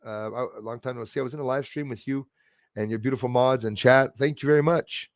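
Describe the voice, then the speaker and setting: Fairly quick and fairly even in intonation, this Canadian man's medium-pitched voice carries a casual livestream in which he reads viewer comments and thanks people by name. The studio-quality recording has no echo.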